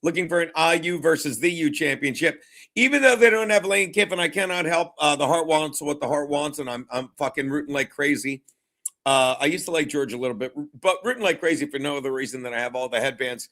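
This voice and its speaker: A man's voice: fairly high pitch, quick pace, a bit bright. A man hosting a casual sports talk show, rambling and jokey with lots of swearing.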